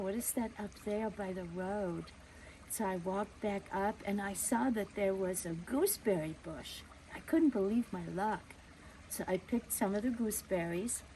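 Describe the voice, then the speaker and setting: Gentle woman telling a childhood story. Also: mid-range voice, slight background noise, rough recording. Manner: gentle, conversational, with fillers and restarts.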